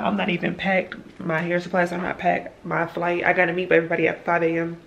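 Tired woman venting, gravelly voice. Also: lowish voice, flat delivery, fairly quick. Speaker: vlogger and hairstylist. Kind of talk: casual vlog talk. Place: in a car, then at home. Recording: noisy phone recording.

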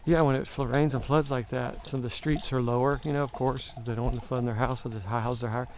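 A man's voice: medium pitch, steady tone, fast, a little mellow, slight background noise. A man from the Southern US with a mild Southern accent, chatting casually to the camera as he rides a bicycle outdoors, rambling and poking fun at himself. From Southern United States. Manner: rambling, chatty, self-mocking. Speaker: travel vlogger.

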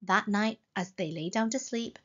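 A woman reading a children's story aloud in a slow, gentle, expressive way. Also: medium pitch, dull audio.

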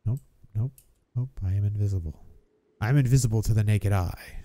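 Mellow-voiced man narrating his gameplay. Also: fairly low pitch, no echo. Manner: playful, chuckling, self-narrating. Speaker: gamer, video host. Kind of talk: casual gameplay commentary.

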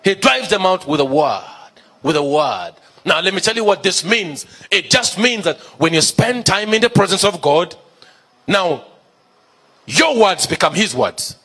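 High, bright-voiced man preaching. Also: very animated, measured pace, slightly rough. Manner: emphatic, repeats key phrases, asks the congregation questions. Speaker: pastor. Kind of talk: sermon.

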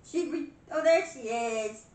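A woman's voice: measured pace, darkish tone. Friendly British woman, roomy distant sound. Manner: friendly, playful greetings. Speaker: paranormal livestream co-host. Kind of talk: casual livestream chat. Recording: roomy, distant, faint rumble.

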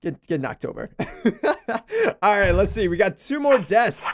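A man's voice: high-pitched, normal speed, a little hiss or hum. A man hosting a gaming video, giving casual let's-play commentary and exclaiming in surprise. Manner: excitable, laughs often, exclaims in surprise.

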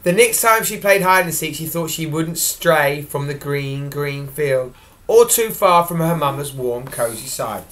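A woman reading a picture book aloud to a child at home, animated and asking questions along the way. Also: low-pitched, a little slow.

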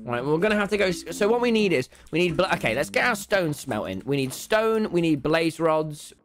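Wildly animated loud young man. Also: a little high, brisk, faint music behind. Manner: loud, excitable, swears and shouts often. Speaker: gaming streamer. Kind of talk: live gameplay commentary.

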